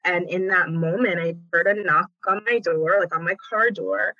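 A woman guest with a bright, forceful voice tells her story with dramatic flair. The sound is dry and close, but a little dull and lo-fi. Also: on the low side, normal speed, no room sound. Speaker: podcast guest. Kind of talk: casual faith conversation.

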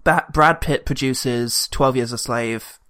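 A man co-hosting a casual film podcast, sardonic and quick to swear. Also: mid-range voice, bright, forceful tone. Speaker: podcast co-host. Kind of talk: casual film review chat.

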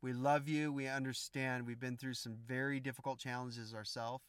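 A man's voice: mid-range voice, little pitch movement, moderate pace, clear, resonant tone, dry recording, clean studio sound. A man giving an informal Christian spiritual message to viewers, emphatic and repetitive, speaking straight to his listeners. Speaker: Christian teacher.

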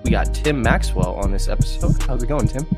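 A man hosting a casual sports podcast, a little congested and nasal, talking in a relaxed conversational way. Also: medium pitch, a little fast, over loud music. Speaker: podcast host.

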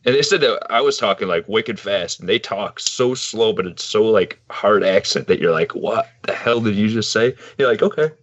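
A man co-hosting a podcast, chatting casually, animated and laughing often. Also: lowish voice, moderate pace, few pauses. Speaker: podcast co-host. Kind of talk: casual chat. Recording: dry, dull lo-fi sound.

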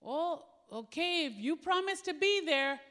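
A woman's voice: very high voice, expressive, measured pace, bright, forceful tone, long reverb tail, pitched above the performer's own voice, exaggerated voice. A woman preacher voicing a hesitant, worried man who is afraid to give his tithe. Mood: anxious.

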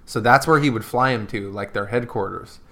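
Male co-host, rambling storyteller, profane, mid-pitched, casual podcast chat. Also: a little fast, a bit bright.

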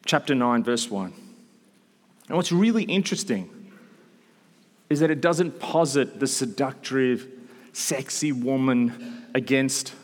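A man in his thirties preaching a sermon to a room, with animated storytelling and quick asides. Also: medium pitch. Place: large hall with an audience. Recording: long hall reverb.

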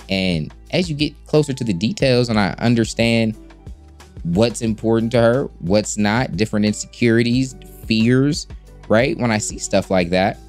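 A man's voice: lowish voice, darkish tone. A man co-hosting a casual chat about his marriage, laid-back and plain-spoken. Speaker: podcast co-host.

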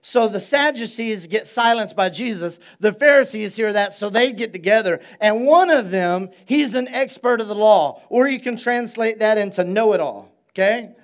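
A male pastor preaching a sermon in a relaxed, conversational way, repeating phrases for emphasis and drawing call-and-response from his congregation at a church service. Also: high-pitched, normal speed, hardly any pauses.

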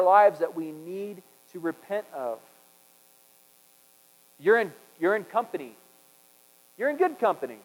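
A man preaching a conversational sermon, swinging from loud emphasis to hushed tones. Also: high voice, sing-song, measured pace, pauses often, long reverb tail, low-quality recording. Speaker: pastor.

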